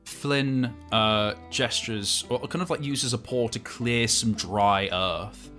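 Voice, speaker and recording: A man narrating as game master of a tabletop game, casual and halting with many fillers. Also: mid-range voice, bright, forceful tone, faint music behind.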